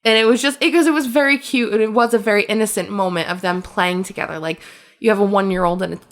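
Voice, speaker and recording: A woman co-hosting a podcast, telling stories in a casual, animated way with frequent laughter and lots of fillers. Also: mid-range voice, fast talker. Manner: animated storyteller, laughs often, many fillers. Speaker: podcast co-host. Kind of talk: casual chat.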